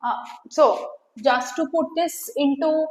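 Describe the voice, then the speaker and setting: A woman teaching an English grammar lesson, explaining slowly with fillers and pauses. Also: sits high. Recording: echoey room with long reverb.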